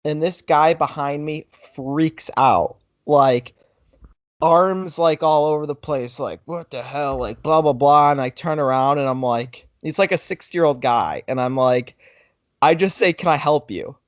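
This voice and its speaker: A man's voice: on the high side, unhurried, no echo, lo-fi sound. A young man hosting a podcast, telling a story casually in a rambling way, full of "like". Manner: rambling storyteller, heavy use of "like". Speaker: podcast host.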